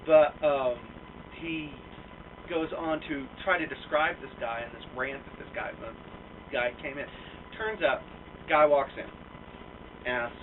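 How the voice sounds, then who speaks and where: A man's voice: on the high side, a little slow, far from the mic, slight background noise. A young American man telling a rambling, profane story in a casual, self-mocking way, with lots of fillers. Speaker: vlogger. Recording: tinny lo-fi sound from off mic.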